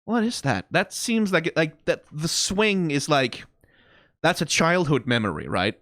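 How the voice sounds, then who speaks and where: A man's voice: fairly high pitch, unhurried, no echo, clean studio sound. A man hosting an anime reaction, rambling in casual, profane commentary with many restarts and bursts of mock anger. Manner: animated, profane rambling with frequent restarts and laughs.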